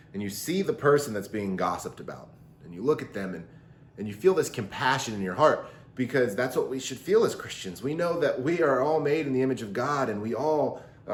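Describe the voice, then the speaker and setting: A man teaching a recorded Bible lesson to teenagers, talking in a lively way and acting out quotes in different voices. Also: fairly low pitch, a little hiss or hum. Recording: roomy echo.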